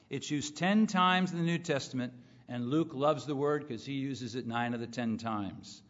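A man's voice: mid-range voice, a bit bright. A man from California preaching a sermon to a congregation in an earnest teaching tone, with emphatic rises. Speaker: pastor. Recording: muffled hall with long reverb.

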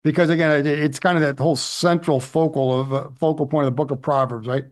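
A fast-talking middle-aged man with a slightly high voice and steady tone preaches as a pastor. He keeps it conversational and frequently checks in by asking "right?"

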